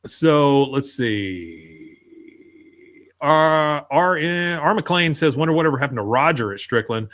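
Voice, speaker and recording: A man's voice: mid-range voice, fairly bright tone. A man hosting a podcast, casually retelling scenes and briefly slipping into voices for the characters' lines. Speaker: podcast host. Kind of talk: casual recap chat.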